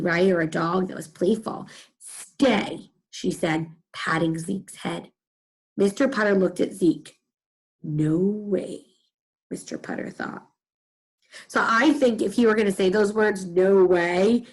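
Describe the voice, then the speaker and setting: A middle-aged woman teaching young children to read, with a soft, breathy voice. She reads aloud with lively, expressive storytelling and speaks at a medium pitch. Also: poor audio.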